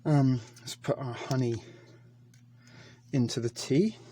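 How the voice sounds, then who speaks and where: Speaking slowly in a mellow, medium-pitched voice, a man reviews a ration pack on camera for a casual food vlog. There's a little hiss or hum, and his chatty delivery is hesitant and peppered with ums.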